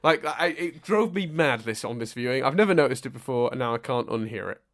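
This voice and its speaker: Animated man ranting on a podcast. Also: medium pitch, brisk. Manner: animated, self-mocking, ranting. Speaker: podcast co-host. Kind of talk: casual chat.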